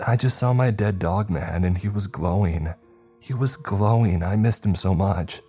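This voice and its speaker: A man voicing an excited, wide-eyed teenage boy who talks breathlessly and insistently. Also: low-pitched, a little slow, breathy edge, faint music behind.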